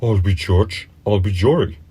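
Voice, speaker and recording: A man voicing a cunning old dog in a storybook reading, loud and blustering. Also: on the low side, unhurried, breathy edge.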